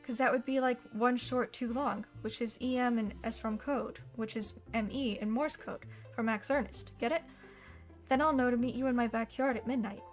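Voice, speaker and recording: A woman's voice: on the high side, fairly even intonation, normal speed, faint music behind, lightly acted. A woman voicing a cheerful, chatty schoolgirl with an eager, imaginative way of talking in an audiobook reading. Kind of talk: audiobook character voice.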